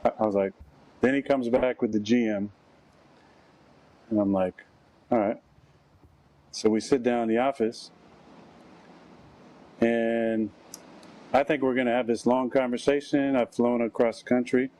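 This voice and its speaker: A man's voice: mid-range voice, steady tone, normal speed, pauses often, dark tone, rough recording. Man wryly recounting a story. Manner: wry, acting out quoted dialogue. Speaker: football player telling a story on a show. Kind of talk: anecdotal storytelling.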